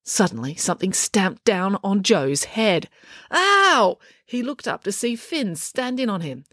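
Expressive woman narrating a children's story. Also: mid-range voice, moderate pace, no room sound, studio quality. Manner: lively, expressive reading. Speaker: audiobook reader.

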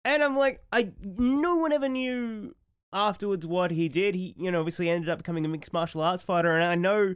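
A man's voice: high-pitched, brisk, smooth, dry recording. A man in his thirties co-hosting a podcast, rambling and emotional in casual chat, swearing freely. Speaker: podcast co-host.

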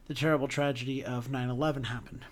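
A man co-hosting a podcast, talking about theater in an animated, emotional way with lots of restarts. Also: mid-range voice, fast. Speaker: podcast co-host.

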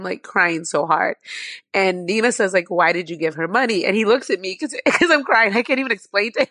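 A woman tells an emotional personal story, close to tears, her speech passionate and full of fillers and restarts. Her voice sits at an ordinary middle pitch. The recording is dry and close, with no room sound. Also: bright, forceful tone, no echo. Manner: impassioned, many "like" fillers, halting restarts. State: near tears. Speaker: guest.

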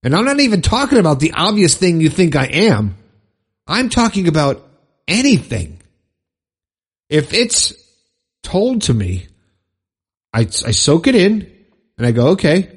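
A man hosting a podcast, fired up and preachy, repeating phrases for emphasis in a husky voice. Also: on the high side, sing-song, measured pace, long pauses. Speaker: podcast host. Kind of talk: impassioned motivational monologue.

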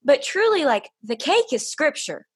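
A woman's voice: high-pitched, very animated, moderate pace. Bubbly Southern woman host. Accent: Southern American. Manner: bubbly, enthusiastic, says 'like' a lot. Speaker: podcast host. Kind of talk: casual faith podcast chat.

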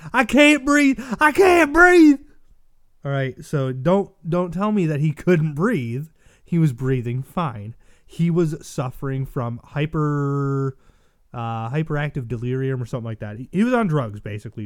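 A man's voice: medium pitch, a little mellow, dry recording, clean studio sound. A man hosting a solo livestream, reading news aloud and giving opinionated commentary with frequent restarts and self-corrections. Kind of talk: casual solo political commentary.

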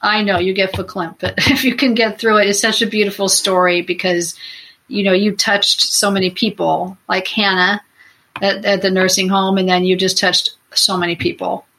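Husky-voiced woman hosting an interview. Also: mid-range voice, little pitch movement, normal speed, fairly bright tone, poor audio. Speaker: host.

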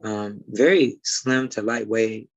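A man's voice: fairly low pitch, takes it slowly, no room sound, lo-fi sound. A man from Detroit with a slight Midwest twang, a guest talking casually and rambling with many fillers and restarts. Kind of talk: casual conversation.

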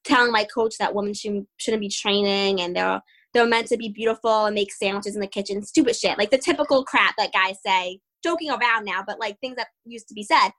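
A young woman, a fighter, telling stories in a casual interview, animated, laughing often and acting out what people said. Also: medium pitch, brisk, low-quality recording. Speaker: guest fighter.

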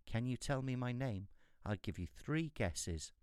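A man's voice: medium pitch, expressive, measured pace, a little mellow, smooth, no room sound, studio quality, lightly acted. Man doing a sly gleeful little devil.

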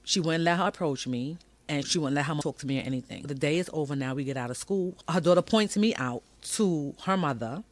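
A woman's voice: low-pitched, a little fast, hardly any pauses, dry recording. Brief: woman from Brooklyn, podcast host, candid storyteller, dry close sound. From Brooklyn, New York. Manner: candid, emphatic, conversational. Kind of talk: personal storytelling monologue.

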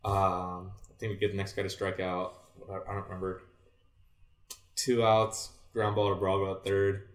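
A man's voice: low voice, moderate pace. A man in his twenties telling a sports story in casual chat, acting out what he said back then and filling his talk with "like". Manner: animated, acts out his own past remarks, many "like" fillers. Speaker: podcast guest, former college baseball player. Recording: echoey room, voice distant from mic.

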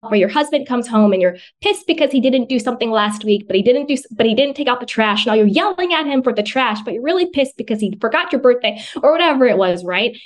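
A woman with a slightly high voice talks as a podcast guest. She is earnest and conversational, and she repeats phrases to drive her points home. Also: expressive, quick pace, hardly any pauses. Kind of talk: conversational self-help advice.

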